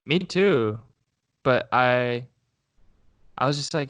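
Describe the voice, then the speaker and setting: A man's voice: mid-range voice, expressive, slow, long pauses, a bit bright, dry recording. A young man co-hosting a podcast, chatting casually and rambling with restarts. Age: young adult. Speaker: co-host.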